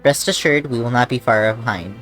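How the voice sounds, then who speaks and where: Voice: mid-range voice, a little fast, a bit bright, close to an everyday voice. A streamer reading out a solemn male knight commander's lines from a fantasy game, in their own everyday voice. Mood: earnest. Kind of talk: reading game dialogue aloud. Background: faint game music.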